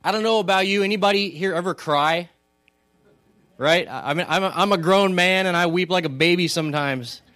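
In a church hall, a pastor with a fairly high voice delivers his sermon in a relaxed, conversational manner, speaking a little fast. He often poses questions to the congregation, and the sound is close and dry with little echo.

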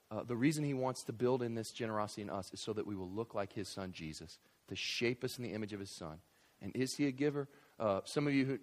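Animated man preaching a sermon. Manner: animated preaching with big swings in loudness and pitch; conversational, with frequent fillers and asides. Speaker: visiting pastor.

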